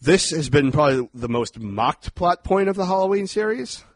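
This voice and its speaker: A man co-hosting a podcast, chatting casually as he recaps a horror movie scene by scene, animated and quick to act out outbursts. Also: a little high. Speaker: podcast co-host. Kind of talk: casual movie review chat.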